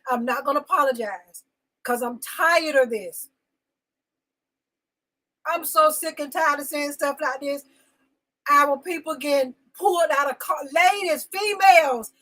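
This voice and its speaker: Her voice sits high and sounds pushed and bright as this woman hosts a live talk show segment, venting emotionally at a measured pace with frequent pauses. She insistently repeats phrases and greets viewers by name, and the audio is poor.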